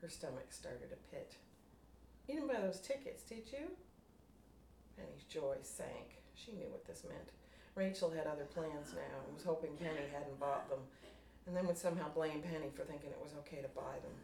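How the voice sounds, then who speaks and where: A woman reading her own fiction aloud to a writers' group, measured and unhurried. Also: low-pitched, fairly even intonation, vocal fry, a little mellow. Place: room at a writers' group meeting. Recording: roomy room, distant mic, faint noise.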